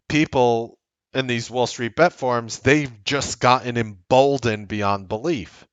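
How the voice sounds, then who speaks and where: A man's voice: medium pitch, no echo, lo-fi sound. Blunt, rambling male market host. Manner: animated, rambling, blunt with profanity. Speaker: trading show host. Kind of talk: casual market commentary.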